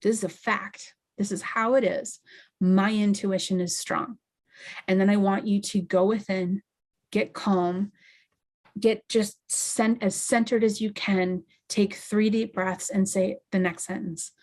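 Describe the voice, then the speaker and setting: A woman hosting a podcast as an intuitive medium, giving a slow, deliberate, step-by-step teaching talk to her listeners. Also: medium pitch, steady tone, darkish tone. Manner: slow, deliberate, emphatic instruction. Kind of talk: guided teaching monologue.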